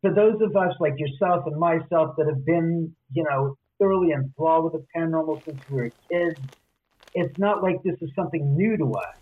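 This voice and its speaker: A man telling stories as an interview guest, lively, acting out the voices of people he quotes. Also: on the high side, normal speed. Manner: animated, acts out quoted voices. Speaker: author and guest. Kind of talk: casual storytelling interview. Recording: tinny phone-line audio.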